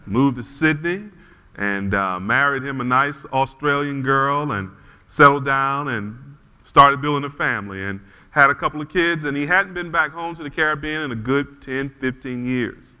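Male pastor, animated sermon storytelling, bright forceful voice, long church reverb. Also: mid-range voice, normal speed, smooth. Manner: animated storyteller, frequent restarts.

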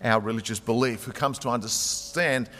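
A man's voice: medium pitch, moderate pace, fairly bright tone, in a large hall. A man preaching a sermon as pastor, talking in a conversational way and retelling stories through quotes.

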